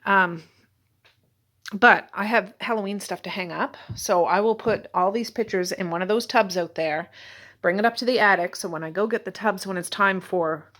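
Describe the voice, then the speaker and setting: A woman's voice: mid-range voice, normal speed, fairly bright tone. A woman, chatting casually to the camera at home while she does housework. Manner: chatty, talking to herself while doing chores. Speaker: vlogger. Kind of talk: casual vlog narration. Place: at home indoors.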